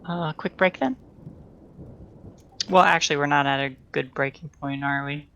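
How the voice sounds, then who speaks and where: A woman's voice: deep voice, fairly even intonation, moderate pace, fairly bright tone, highs cut off, a little hiss or hum. A woman taking part in a streamed story reading, chiming in casually with friendly questions. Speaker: co-host listener on the stream.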